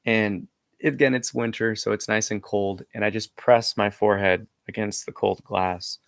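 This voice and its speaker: Young male storyteller, casual and meandering, husky fry, dry close sound. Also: fairly low pitch, steady tone, moderate pace, a bit bright, no room sound. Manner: rambling, heavy filler words, hesitant restarts. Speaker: vlogger.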